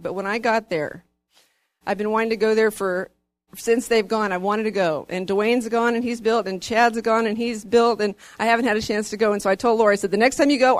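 A woman giving an earnest testimony in church, her voice rising as she grows excited. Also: mid-range voice, dry recording.

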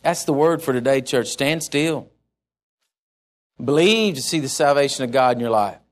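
A man from Texas, preaching a sermon as pastor, swinging from loud passages to hushed ones. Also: medium pitch, fast talker.

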